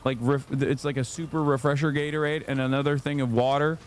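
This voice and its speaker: Man, streamer, casual storytelling, animated, profane, mid pitch, faint background hiss. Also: brisk. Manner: animated, profane, jumps into high quoted voices.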